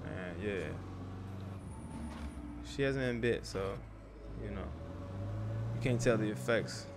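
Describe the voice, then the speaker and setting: A man's voice: fairly low pitch, takes it slowly, creaky, background noise. A young man, a father, casually commenting on a survival game as he plays, cursing and talking to himself and the characters on screen. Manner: loose, profane, talks to himself and the game. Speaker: gaming YouTuber.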